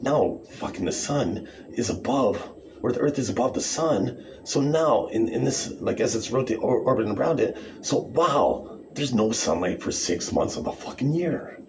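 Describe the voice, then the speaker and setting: A man's voice: mid-range voice, expressive, moderate pace, noisy background. A man ranting in a rambling, sarcastic, profane monologue to camera, calling people idiots. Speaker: vlogger.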